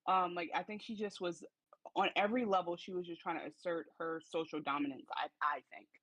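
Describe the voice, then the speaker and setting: A woman's voice: lowish voice, fairly even intonation, fairly quick, a bit bright, low-quality recording. A woman co-hosting a podcast, giving blunt opinions in slangy casual chat with lots of fillers. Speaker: podcast co-host.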